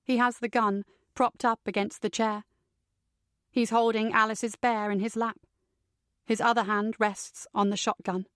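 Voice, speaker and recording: Brief: woman, slightly high voice, measured thriller narration, dry close recording. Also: little pitch movement, fairly bright tone, no room sound. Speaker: audiobook narrator.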